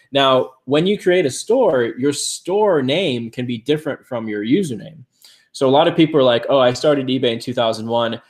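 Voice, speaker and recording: A man co-hosting a casual livestream, reading and answering viewer questions in an easygoing way. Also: mid-range voice. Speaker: co-host of a reselling livestream.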